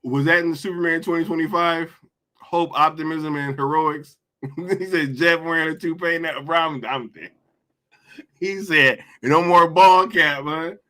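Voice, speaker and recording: A man's voice: a little high, normal speed, sharp tone. A man hosting a casual livestream, chatting in slang, reading viewer comments aloud and laughing often. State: hungry after a long day. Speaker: livestream host.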